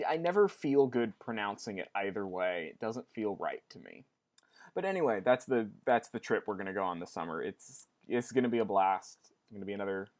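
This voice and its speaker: A young man talking casually in a weekly vlog, rambling and restarting his sentences often. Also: lowish voice. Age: young adult. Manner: rambling, with many restarts and fillers. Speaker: vlogger.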